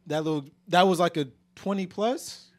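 A man's voice: sits high, normal speed. A young man co-hosting a podcast, asking teasing questions in casual chat. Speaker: podcast co-host. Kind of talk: casual chat among friends.

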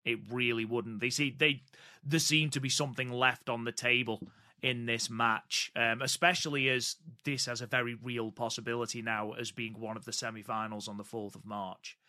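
A man's voice: medium pitch, fairly even intonation, sharp tone. A man co-hosting a podcast, reviewing wrestling matches in a casual, hesitant way with many filler sounds. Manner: hesitant, many ums, measured opinions. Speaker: podcast co-host.

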